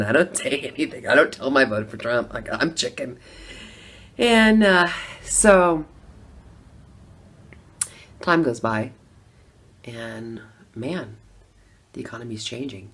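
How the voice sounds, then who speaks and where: A woman's voice: low voice, expressive, slow, long pauses, a bit bright. A middle-aged woman telling a personal story in a casual, conversational way. She laughs often and acts out her own reactions. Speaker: former Democrat voter telling her story.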